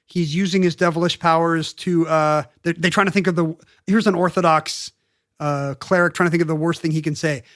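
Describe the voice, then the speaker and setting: A man co-hosting a podcast, telling a history story in a casual, jokey way with quick asides and brief put-on voices. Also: fairly high pitch, a bit bright, no echo, clean studio sound. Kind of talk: casual comedic history chat.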